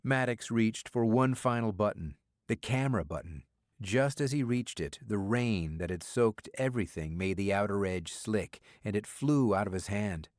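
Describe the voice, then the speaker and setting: A man narrating a spy thriller audiobook in a steady, measured storytelling manner. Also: fairly low pitch, no echo, studio quality.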